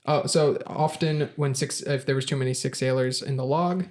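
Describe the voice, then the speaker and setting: A man with a medium-pitched, darkish voice speaks at normal speed with fairly even intonation. He hosts a casual podcast quiz in a group chat setting, reading idiom origins aloud, stumbling over words, and laughing along the way.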